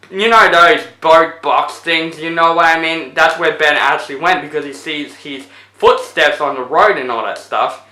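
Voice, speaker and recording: A man's voice: on the high side, bright, forceful tone, reverberant, rough recording. A man casually retelling a movie plot as a reviewer, rambling with lots of fillers. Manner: rambling, full of fillers like 'basically'.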